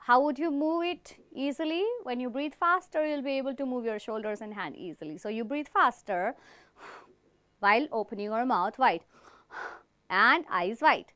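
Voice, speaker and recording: With a fairly high, animated voice at a moderate pace, slightly bright and clean-toned with no room sound, an Indian woman teaches acting online. As a theatre teacher, she gives step-by-step instructions, praises students often, and encouragingly demonstrates expressions with big acted lines.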